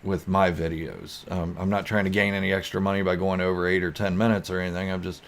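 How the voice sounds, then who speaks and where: A man with a low voice hosts a relaxed live stream. He reads viewer comments aloud and rambles through them in a goofy, easygoing way. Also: quick pace, creaky.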